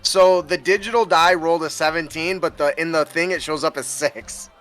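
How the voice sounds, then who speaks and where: High, bright-voiced excitable man. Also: normal speed, soft background music. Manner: excitable, laughs easily. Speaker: player. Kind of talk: playing a tabletop game over voice chat.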